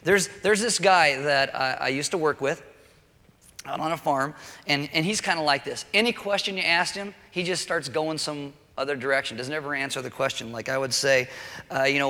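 A man's voice: on the high side, fairly quick, pushed and bright. A man preaching a casual sermon in a church hall, chatty, with joking asides and frequent check-ins with the congregation. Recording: long reverb of a large hall.

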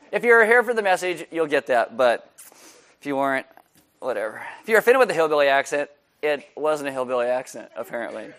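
A male pastor speaking in a slightly higher register. He talks in a chatty, joking way, pokes fun at himself, and moves between announcements, prayer and a casual sermon. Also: sing-song, brisk, pauses often, fairly bright tone. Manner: joking, chatty, self-deprecating. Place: church service.

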